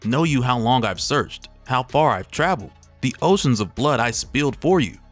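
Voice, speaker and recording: A man voicing an ancient, power-hungry female elder god from a comic, read slowly and solemnly. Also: mid-range voice, lively intonation, soft background music, natural voice. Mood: solemn pleading.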